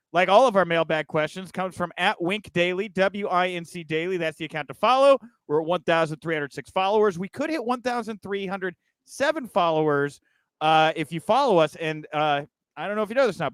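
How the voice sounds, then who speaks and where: A man's voice: high-pitched, lively intonation, brisk, fairly bright tone, clear, resonant tone, no room sound. A man hosting a news podcast in casual chat, with joking, sarcastic asides. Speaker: podcast host.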